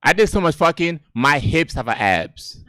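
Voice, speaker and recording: Laid-back Gambian-accented stand-up comic. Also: male voice, fairly high pitch, sing-song, moderate pace, pushed and bright, no echo, studio quality. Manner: laid-back, profane, laughs at his own jokes. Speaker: stand-up comedian. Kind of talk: stand-up comedy set. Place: outdoor stage under string lights.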